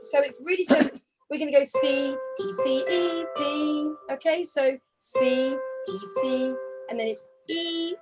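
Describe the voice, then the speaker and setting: A woman's voice: sits high, a little slow, loud music behind the voice, poor audio. A woman teaching a harp group over a video call, counting beats aloud and humming the tunes. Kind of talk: online group music lesson. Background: harp playing.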